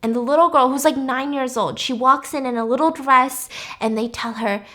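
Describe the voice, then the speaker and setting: A woman's voice: high-pitched, normal speed. A woman vlogger retelling a story casually and expressively, cursing freely. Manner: expressive, chatty, swears freely.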